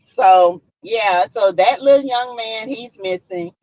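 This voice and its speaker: A woman's voice: on the high side, slow, no room sound, dull audio. A woman with a Southern US accent, hosting a casual chat and telling a story dramatically. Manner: animated, dramatic, acts out quotes. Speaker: vlogger host.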